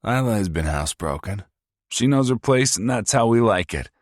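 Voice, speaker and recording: A man's voice: lowish voice, lively intonation, normal speed, no room sound, clean studio sound, pitched above the performer's own voice, close to an everyday voice. A man voicing a sneering cruel young man. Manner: taunting, mocking.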